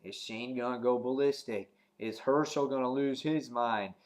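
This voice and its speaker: A man giving a casual spoken review of a TV episode, rambling with many ums and restarts, and getting animated when he retells scenes. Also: mid-range voice, moderate pace. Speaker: TV show reviewer.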